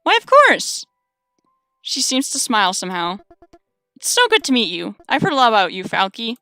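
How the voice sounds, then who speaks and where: A woman's voice: a little high, huge pitch swings, normal speed, pushed and bright, clear, resonant tone, dry recording, soft background music, full character voice. Woman putting on a doting old-lady spider. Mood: chirpy, apologetic. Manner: doting, calls everyone dearie. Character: giant sweet old-lady spider wedding planner.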